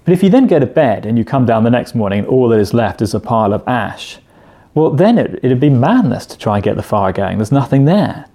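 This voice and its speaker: A man's voice: medium pitch, big pitch swings, brisk, mellow. A man preaching a sermon in a conversational way, asking rhetorical questions and often restarting his phrases.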